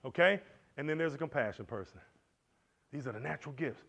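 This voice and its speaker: A man teaching at a Christian men's conference, animated and preacherly, swinging between loud and soft. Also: on the high side, a little fast. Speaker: conference speaker. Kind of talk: motivational church teaching. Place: lecture hall. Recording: dull lo-fi recording.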